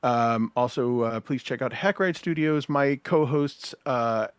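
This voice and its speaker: A man's voice: medium pitch, measured pace, clear, resonant tone, no echo. A man guest-hosting a casual livestream podcast, loose and swearing, with lots of uhs. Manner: loose, laughing, swears freely, many filler uhs.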